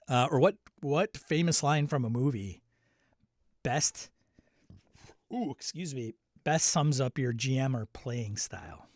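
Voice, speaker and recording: A man's voice: mid-range voice, dry recording, clean studio sound. A man hosting a casual livestream chat, reading out viewer comments and laughing often. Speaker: host.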